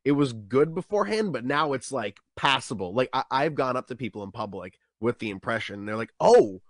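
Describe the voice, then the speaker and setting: In a clean studio recording with no room sound, a young comedian talks a little fast during a relaxed interview. He's animated, mimicking the things people tell him by leaping up and down in pitch.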